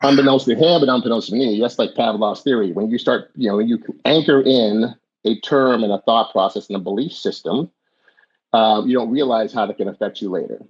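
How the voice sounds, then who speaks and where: A middle-aged man with a husky, fairly low voice tells his life story in a candid, meandering way. He often restarts his sentences and leans on "you know". The audio sounds muffled and lo-fi. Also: fairly quick. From born in the US, raised in Jamaica. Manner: reflective, rambling with many restarts and fillers. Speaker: podcast guest. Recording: dull lo-fi audio.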